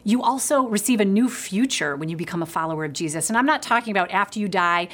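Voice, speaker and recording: A woman's voice: medium pitch, lively intonation, fast. Earnest woman preaching a sermon. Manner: earnest, drops to a soft hush for God's words.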